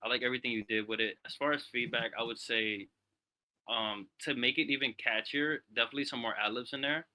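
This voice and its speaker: A man's voice: mid-range voice, steady tone, brisk, sharp tone. A man hosting a music review show, chatting casually and calling everyone "bro". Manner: laid-back, peppers talk with "bro". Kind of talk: casual slangy chat.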